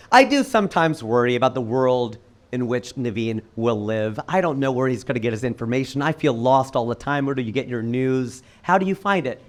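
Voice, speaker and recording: A man doing a stand-up comedy set for a live audience, firing off quick punchlines with sudden leaps in pitch. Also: animated. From United States. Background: audience laughter.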